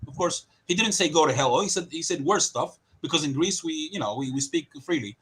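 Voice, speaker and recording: A man's voice: a little high, expressive, brisk, hardly any pauses, fairly bright tone, husky, rough recording. A man presenting evidence in a heated online debate, passionate and indignant as he speaks. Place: lives in Greece.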